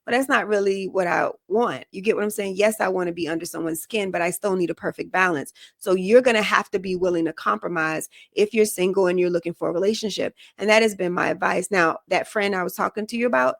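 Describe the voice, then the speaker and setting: A woman's voice: medium pitch, fast talker, gravelly, few pauses, no room sound, studio quality. A woman hosting a podcast, giving relationship advice in a frank, casual way and often checking that listeners follow her. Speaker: podcast host.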